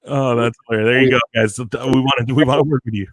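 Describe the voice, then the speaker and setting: A man co-hosting a casual wrestling talk show, energetic and peppering his speech with dude and like. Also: mid-range voice, rapid-fire, dry recording, studio quality. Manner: energetic, says dude and like a lot. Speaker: podcast co-host. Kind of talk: casual chat.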